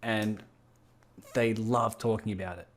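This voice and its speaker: A man hosts an interview in a casual conversation, thoughtfully restating his guest's points and building on them. His voice sits on the low side, with a steady tone and an unhurried delivery.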